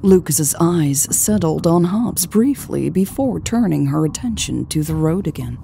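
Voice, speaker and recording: A woman narrating a romance audiobook in a measured, calm reading. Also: low-pitched, creaky, slight background noise. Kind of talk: scripted narration.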